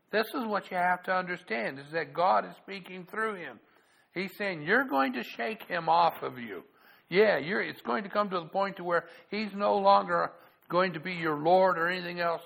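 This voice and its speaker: A man's voice: a little high, vocal fry, a bit bright, rough recording. A male pastor giving a sermon, stopping and repeating words as he talks and reading scripture aloud in a raised voice.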